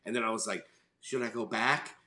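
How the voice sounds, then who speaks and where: A man's voice: fairly low pitch, a little fast, sharp tone. A middle-aged man from New York chatting casually as a podcast co-host, telling a rambling story, swearing freely and acting out voices. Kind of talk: casual chat. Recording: echoey room.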